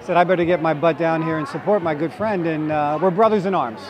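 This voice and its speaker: A man's voice: on the high side, fast talker. Playful man with a New Jersey accent. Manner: playful, flirty, joking. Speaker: actor guest. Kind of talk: red carpet interview. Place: outdoor red carpet event. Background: crowd chatter.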